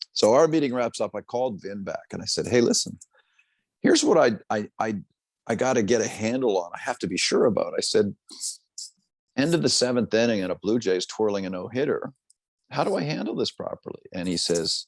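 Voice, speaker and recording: A middle-aged sportscaster telling a story in an interview, lively and acting out the quoted voices. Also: male voice, medium pitch, moderate pace, no room sound. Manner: animated storyteller, acts out quotes. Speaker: sportscaster guest.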